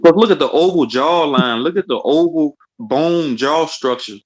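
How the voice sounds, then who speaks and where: A woman's voice: deep voice, expressive, normal speed, rough recording. A woman co-hosting a live stream, chiming in with short, blunt remarks.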